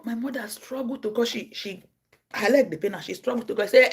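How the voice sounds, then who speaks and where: A Nigerian woman telling stories on her livestream. She acts out the people in them, jumping from a low murmur to high cries and shouts. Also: brisk, breathy edge. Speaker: livestream host. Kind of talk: casual storytelling.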